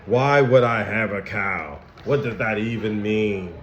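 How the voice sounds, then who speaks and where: A man voicing Anger, a gruff and growly grumpy emotion character from a children's picture book, read aloud with slow, heavy emphasis. The sound is a bit dull and echoey, as in a plain room with a modest mic. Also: fairly low pitch, close to an everyday voice.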